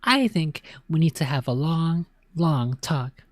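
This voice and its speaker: A stern, harried mother from a spooky children's book, scolding her son in a low voice and close, dry sound, as a woman narrator reads her lines. She turns tearful when the bad news comes. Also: animated, takes it slowly, darkish tone, no room sound, full character voice. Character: upset, stern mother of a young boy.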